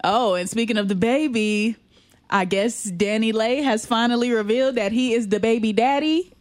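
A woman's voice: fairly high pitch, moderate pace, no echo. Chatty young woman co-hosting, dry sound. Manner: chatty, laughs often, quotes people in put-on asides. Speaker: podcast co-host. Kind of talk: casual chat.

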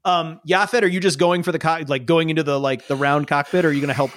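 A man's voice: on the high side, steady tone, quick pace, a bit bright, no echo. Rambling man running a tabletop game. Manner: rambling, filler-heavy narration. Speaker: game master.

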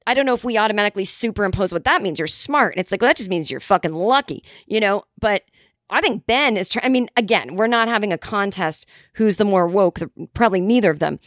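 A woman hosting a solo podcast, talking in a sarcastic, rambling, animated way. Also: mid-range voice, quick pace, no echo, studio quality. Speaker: podcast host.

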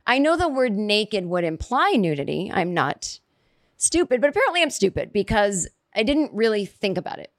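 A woman's voice: mid-range voice, sing-song, moderate pace, no room sound, studio quality. A woman telling a casual comic story, rambling and chatty, acting out quoted reactions as she goes.

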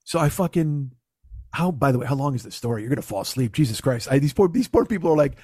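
A man's voice: on the high side, animated, quick pace, a little mellow, husky, no room sound. A man casually telling a long, rambling, profane and self-mocking story to his co-host.

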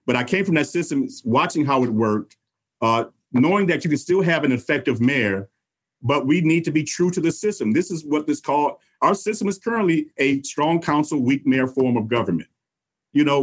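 A man who is an alderman running for mayor, answering interview questions earnestly and often repeating words. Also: mid-range voice. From Chicago.

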